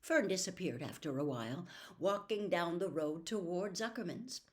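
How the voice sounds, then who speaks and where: A woman reads a children's classic aloud. Her voice sits low, but her melody moves a great deal, and she stays gentle and expressive throughout. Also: normal speed. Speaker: storybook reader. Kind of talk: children's book read-aloud.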